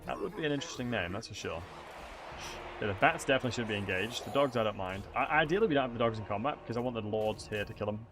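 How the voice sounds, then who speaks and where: A man's voice: lowish voice, expressive, racing, music in the background. A man, streaming a strategy game and chatting to viewers in a rambling way, full of fillers and restarts. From England. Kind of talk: casual gameplay commentary.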